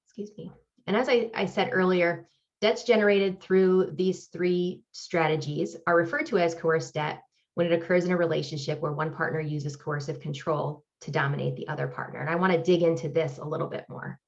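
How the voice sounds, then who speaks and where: A woman professor giving an academic lecture with slides, explaining in a measured, deliberate way. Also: fairly low pitch, fairly even intonation, dull audio. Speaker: professor presenting research.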